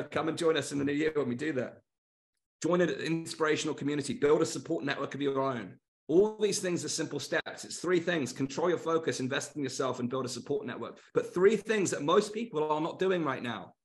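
A middle-aged man hosting a motivational webinar, speaking earnestly and stressing points through repeated short lists. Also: a little high. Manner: earnest, repetitive emphatic lists. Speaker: webinar host.

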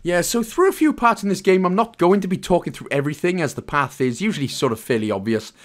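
Lively Welsh man narrating a game. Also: high-pitched, quick pace. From Wales. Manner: chatty, jokey, loose with asides and fillers. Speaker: game guide presenter. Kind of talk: casual gameplay walkthrough commentary.

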